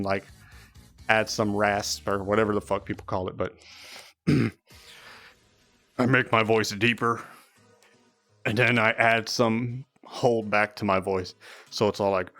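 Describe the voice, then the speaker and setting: A man's voice: lowish voice, a bit bright. A young man chatting casually and rambling on a live stream, swearing often.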